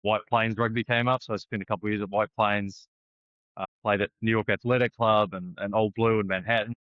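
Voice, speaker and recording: A man's voice: fairly low pitch, fairly even intonation, a little fast, dry recording. A man in his forties with a New Zealand accent, a rugby coach chatting easily as a podcast guest, often restarting his sentences. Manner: easygoing and chatty, with many restarts. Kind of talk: casual interview chat. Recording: dull lo-fi, dry sound.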